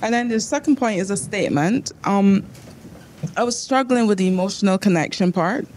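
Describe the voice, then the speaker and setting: A woman taking part in an acting workshop, sharing a point at a Q&A in a hesitant way with many pauses and restarts. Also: mid-range voice, expressive, a little mellow, a little hiss or hum. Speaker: workshop participant. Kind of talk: question at a Q&A.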